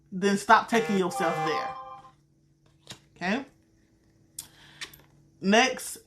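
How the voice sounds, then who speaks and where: A woman's voice: medium pitch, a bit bright, slight background noise. A woman with a Southern accent, reading tarot cards on a casual live stream, blunt and profane, calling viewers sweetheart. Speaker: tarot card reader.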